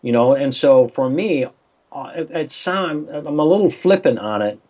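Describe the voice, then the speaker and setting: A man's voice: fairly high pitch, expressive, normal speed, a little mellow. An older man, a coach and interview guest, telling a story over a remote call in a rambling way, with many restarts and acted-out phone voices.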